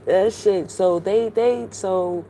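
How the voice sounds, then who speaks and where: A woman's voice: mid-range voice, slow, vocal fry, slight background noise. A woman in casual live-stream commentary, telling rambling stories to her chat with heavy profanity. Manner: profane, animated, rambling storytelling.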